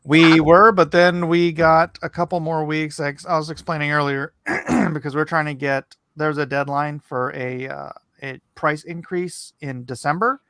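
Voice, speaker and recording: Man, livestream host, casual chat, gravelly, rambling, dry close sound. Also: on the high side, fairly even intonation, measured pace, few pauses, sharp tone, no echo. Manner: rambling, loose, many restarts. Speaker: livestream host and comic artist.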